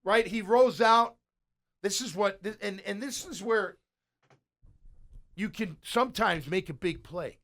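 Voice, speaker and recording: A man hosting a sports show, giving a casual play-by-play review of game film. He is excitable and blunt, swinging between loud praise and muttered asides. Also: high voice, unhurried, pauses often. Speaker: radio show host breaking down game film.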